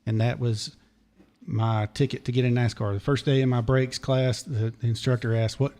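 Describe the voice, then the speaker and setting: A man, a podcast guest telling a long, digressive story in a hoarse voice because he is losing it. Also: medium pitch, fairly even intonation, normal speed, dark tone. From Charlotte area, North Carolina. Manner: digressive, detail-heavy storyteller. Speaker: podcast guest, former race mechanic. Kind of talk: long rambling story told in casual chat.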